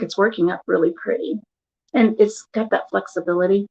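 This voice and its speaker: Older woman vlogger at home, chatty and animated storyteller, slightly dull lo-fi recording. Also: mid-range voice, fairly quick, gravelly, breathy edge. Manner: animated storyteller who acts out quotes. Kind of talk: casual chat. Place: home living room.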